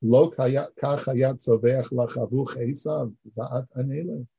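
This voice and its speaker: Guy lecturing a class, warm kinda husky voice, earnest, repeats himself while explaining. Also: mid-range voice, fairly even intonation, unhurried, poor audio. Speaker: teacher.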